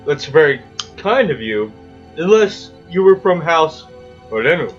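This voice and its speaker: A man's voice: a little high, big pitch swings, measured pace, dull audio, faint music behind. A man giving casual, crude, joking commentary over gameplay and swearing freely.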